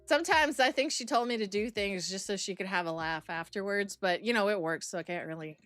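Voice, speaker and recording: Young woman streamer, loose rambling live chat, quick to laugh, mid-pitched voice. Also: a bit bright, soft background music. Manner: rambling, chatty, laughs often. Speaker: streamer reacting to videos and reading chat.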